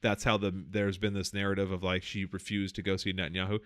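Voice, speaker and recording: A man's voice: low-pitched, flat delivery, fast, fairly bright tone, clean tone, no room sound, studio quality. A man co-hosting a podcast, talking in a casual, rambling, profane way with many fillers and restarts. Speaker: podcast co-host. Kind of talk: casual political chat.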